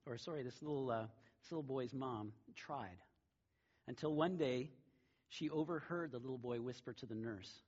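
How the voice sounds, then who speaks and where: A middle-aged man delivers a sermon in a casual, storytelling manner, his voice a bit husky and breathy. The recording sounds dull and lo-fi. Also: mid-range voice. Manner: conversational storytelling with a warm laugh. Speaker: pastor.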